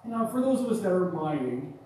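A man's voice: sits high, big pitch swings, fairly quick, darkish tone. A middle-aged male pastor giving a conversational sermon in a church, often asking "right?" and "amen?". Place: church sanctuary. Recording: echoey church from far off.

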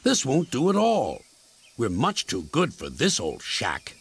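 A man's voice: medium pitch, huge pitch swings, slow pace, breathy edge, voice pushed up, heavily acted. A man doing Sir Handel, a snooty grumbling engine. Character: haughty, bad-tempered male steam engine. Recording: loud music underneath.

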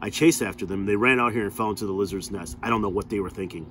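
A man's voice: lowish voice, rapid-fire, a bit bright, a little hiss or hum, lightly acted. Man reading as a cold camp warden woman.

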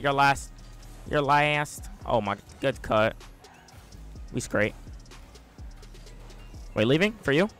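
A man giving live commentary while playing a game, talking in short bursts with sudden loud yells. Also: medium pitch, animated, slow, pauses often, smooth, soft background music. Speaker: gaming YouTuber.

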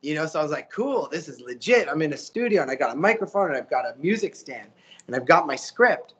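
A man, a voice actor telling stories as an interview guest, animated and slipping into character voices. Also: fairly high pitch, quick pace, slightly rough, highs cut off. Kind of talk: casual storytelling interview.

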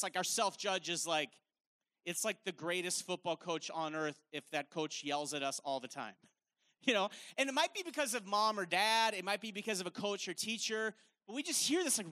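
Male preacher, bright and forceful tone, casual emphatic sermon delivery on a stage mic. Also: high voice, expressive, moderate pace. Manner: casual, filler-heavy, emphatic. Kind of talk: live sermon. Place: stage at a worship event.

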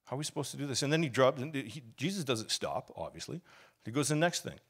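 A man preaching a sermon as pastor, telling his story casually and confessionally, then building up to loud, fervent preaching. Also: mid-range voice, very animated, fast talker, husky. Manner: storytelling, grows loud and fervent, acts out quoted shouts; casual and confessional, with laughs and sighs.

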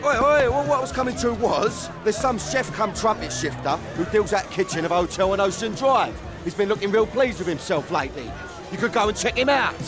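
A sleazy, swaggering English hustler. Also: male voice, high voice, lively intonation, a little fast, music in the background, crowd noise. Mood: chatty. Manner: cocky, slangy, swaggering. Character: sleazy boastful English music-industry hustler, adult man.

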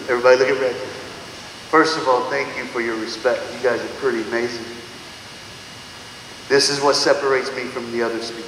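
A man giving a motivational speech to students, animated, calling out to the crowd, laughing often and swinging from loud to hushed. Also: medium pitch, slight background noise. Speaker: motivational speaker. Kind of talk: school assembly motivational speech. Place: large school auditorium or gym. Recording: echoey hall with long reverb.

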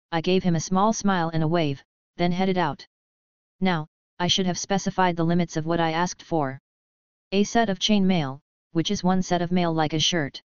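A woman narrating a novel in a steady, even storytelling voice, in a dry, dull lo-fi recording. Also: on the low side, smooth, no room sound. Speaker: audiobook narrator.

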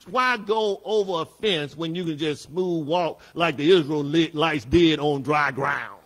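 A man, a pastor teaching a Bible study lesson, emphatic, repeating his phrases and rising at times to a shout. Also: fairly high pitch, expressive, takes it slowly. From Southern United States.

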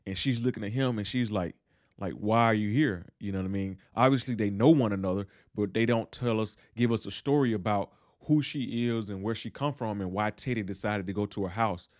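A young man casually recapping a TV episode, retelling scenes in slangy, animated talk and acting out lines. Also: on the low side, fairly quick, dry recording, clean studio sound. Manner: animated retelling with slangy asides and acted-out dialogue. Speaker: TV recap host.

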